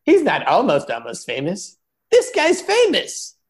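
A man hosting a comedy roast podcast, mocking guests with big swings between loud jabs and muttered asides. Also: sits high, wildly swooping pitch, a little slow.

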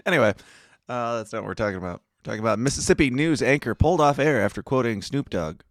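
An easygoing man trading jokes as co-host of a news podcast, with a mid-pitched voice. He is wry and laughs readily. The sound is dry with no room around it. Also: expressive, fast talker, no echo. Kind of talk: casual chat.

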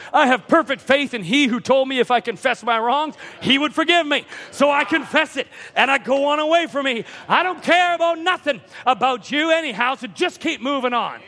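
A man preaching a sermon from the pulpit, building to impassioned shouts. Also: extremely high pitch. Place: church sanctuary. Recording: church hall reverb.

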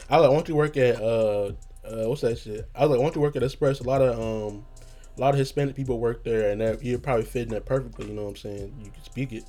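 A man hosting his own show, telling a rambling casual story with a just-woken hoarse voice and a habit of saying "you know what I'm saying". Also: medium pitch, warm tone. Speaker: podcast host.

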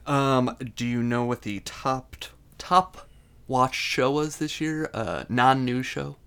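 A man's voice: medium pitch, slow, creaky, fairly bright tone, smooth. A man co-hosting a casual podcast, laid-back and fond of retelling scenes. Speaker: podcast co-host. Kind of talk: casual chat.

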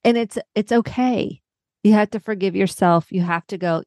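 A woman's voice: medium pitch, moderate pace, darkish tone, no echo, studio quality. A woman psychotherapist on a podcast, earnestly walking through examples step by step. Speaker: psychotherapist guest. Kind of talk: podcast interview.

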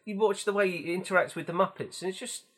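A man's voice: high voice, fast talker, a bit bright. A man co-hosting a casual film chat, telling stories in a chatty, wry way with the odd swear word. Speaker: podcast co-host.

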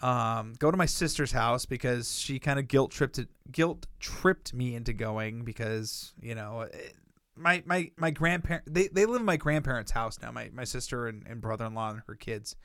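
A man's voice: mid-range voice, lively intonation, normal speed, fairly bright tone, dry recording, studio quality. A man co-hosting a casual podcast, telling rambling, profane stories and acting out what people said. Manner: rambling profane storyteller who acts out quotes. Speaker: podcast co-host.

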